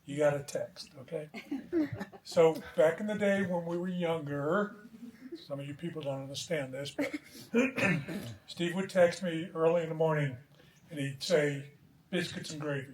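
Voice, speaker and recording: A man with a fairly high voice tells laughing anecdotes at an outdoor memorial. He speaks into a mic from some distance, so the sound is roomy and echoing. A crowd murmurs behind him. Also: measured pace. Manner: chuckling anecdotal storytelling. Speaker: eulogy speaker. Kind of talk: joking memorial speech. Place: outdoor deck at a memorial gathering.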